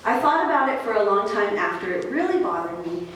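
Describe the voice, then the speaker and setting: A woman pastor preaching a sermon in a relaxed, conversational storytelling way, with fillers. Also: medium pitch, fairly quick, slight background noise. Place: church sanctuary. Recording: echoey church hall from far off.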